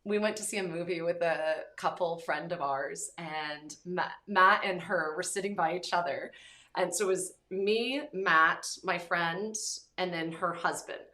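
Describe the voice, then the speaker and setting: A woman hosting a casual podcast chat, telling stories with animated acted-out quotes. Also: lowish voice, unhurried. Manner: animated storytelling, acting out quotes. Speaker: podcast host. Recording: roomy echo.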